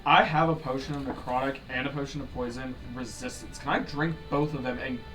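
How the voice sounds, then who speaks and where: A man's voice: mid-range voice, fairly even intonation, brisk, a bit bright, distant mic, faint music behind, poor audio. A man playing a tabletop game, asking rambling rules questions. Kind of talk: casual chat at a game table.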